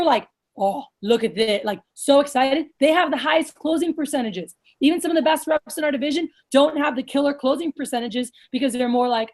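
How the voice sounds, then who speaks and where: A woman with a slightly high voice leads a casual coaching session for sales managers over a video call. She talks bluntly and with plenty of energy, drops the odd swear word, and acts out lively sales pitches.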